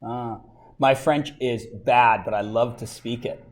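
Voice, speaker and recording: A Canadian high school math teacher with a medium-pitched, steady voice speaks unhurriedly during a classroom lesson. He is chatty and joking with his students and asks them lots of questions.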